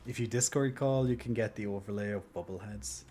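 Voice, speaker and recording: A male streamer rambles and jokes at his own expense while he plays. His voice sits a little low. A faint hiss of ambience runs under a desk mic. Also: mellow. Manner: rambling, self-mocking, quick to laugh. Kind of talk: casual chat while gaming on stream. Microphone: desk mic near a clicky mouse.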